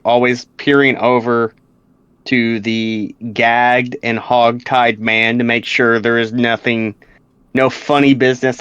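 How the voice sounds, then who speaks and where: A man's voice: mid-range voice, a bit bright, clean tone, no echo. A man playing a character in a tabletop game, laid-back, with a lot of fillers. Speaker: player. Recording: dry, dull lo-fi mic.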